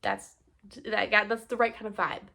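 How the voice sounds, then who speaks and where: A woman's voice: mid-range voice, moderate pace, gravelly, bright, forceful tone. A young woman from the United States chatting casually to camera about a book haul, rambling and interrupting herself, teary and half-crying at times. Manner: rambling, self-interrupting, laughing through tears. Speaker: book vlogger.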